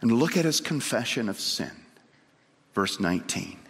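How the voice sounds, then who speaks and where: A man preaching a sermon, telling a story dramatically and swinging from loud to hushed. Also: lowish voice, sing-song, normal speed, vocal fry, husky. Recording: long hall reverb.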